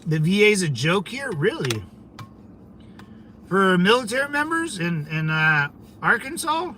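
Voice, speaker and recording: A man's voice: sits high, big pitch swings, measured pace, bright, forceful tone, a little hiss or hum. A young man hosting a casual livestream, chatting with viewers in a laid-back way, laughing often and repeating his phrases. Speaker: livestream host. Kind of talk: casual livestream chat reading comments.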